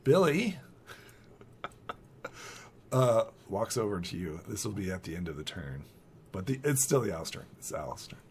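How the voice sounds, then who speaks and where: A man's voice: fairly low pitch, very animated, a little slow, pauses often, darkish tone, a little hiss or hum. A man narrating a tabletop game as game master, loose and chatty, with lots of "like" fillers.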